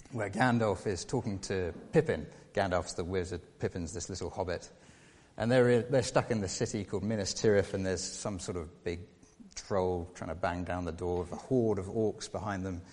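A man preaching a sermon, earnest, with repeated rhetorical questions and shifts between hushed and emphatic delivery. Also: low voice. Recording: long reverb of a large hall.

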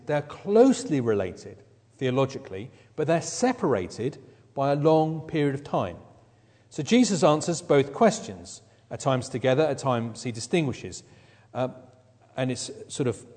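A man's voice: medium pitch, very animated, normal speed, warm tone. A man preaching a sermon, teaching through a Bible passage verse by verse with emphasis. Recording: long reverb of a hall.

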